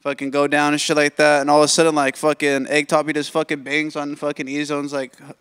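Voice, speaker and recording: A man telling a story in casual podcast chat, using rapid slang and acting out what others said. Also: fairly high pitch, monotone, a bit bright, clear, resonant tone.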